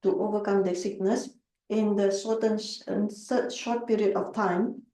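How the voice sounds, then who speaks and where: A woman interpreting a Buddhist teaching, halting and searching for words. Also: medium pitch, fairly even intonation, dark tone, reverberant, distant mic, rough recording.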